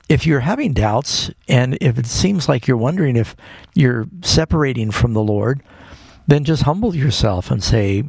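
A man's voice: mid-range voice, creaky, darkish tone, husky, no room sound, studio quality. A man who is a pastor, earnestly explaining Bible questions to callers on a call-in radio program. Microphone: studio microphone.

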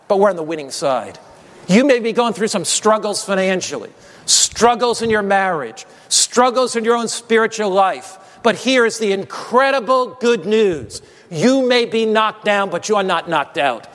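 A man with a high, somewhat bright voice preaches a sermon at normal speed, animated and emphatic, urging the congregation to call back answers. The church sanctuary gives the recording a long hall reverb.

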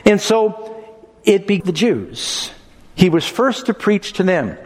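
A man preaching a sermon, expressive, acting out quoted lines in changing tones. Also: high voice, takes it slowly. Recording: long hall reverb.

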